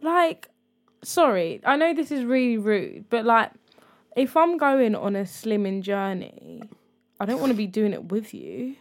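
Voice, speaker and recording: A woman's voice: a little high, expressive, a little slow. A young woman in casual chat, frank and blunt, swearing casually.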